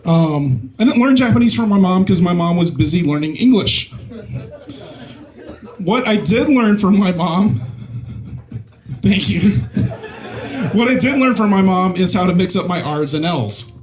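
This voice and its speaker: A man's voice: sits high, lively intonation, measured pace, pauses often. A man from Mississippi doing a stand-up comedy set into a stage mic, hesitant with lots of ums and self-deprecating jokes. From Mississippi, USA.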